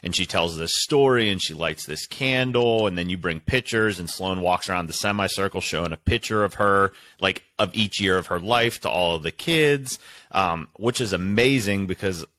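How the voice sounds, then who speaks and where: A man in his thirties with a low voice and a dry, close sound tells a long story in a relaxed, rambling way. He hosts the chat and gets emotional as he goes. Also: normal speed, no echo.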